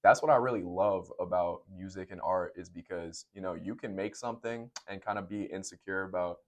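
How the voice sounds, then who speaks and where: A young man, a rapper and producer, talking easily in slang and getting animated when he jokes. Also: low-pitched, brisk. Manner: easygoing slangy talk, animated when joking. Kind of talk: casual chat.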